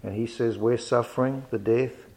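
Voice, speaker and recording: A man preaches a sermon at a measured, earnest pace. His voice sits at an ordinary middle pitch and climbs when he presses a point home. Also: steady tone, darkish tone, poor audio.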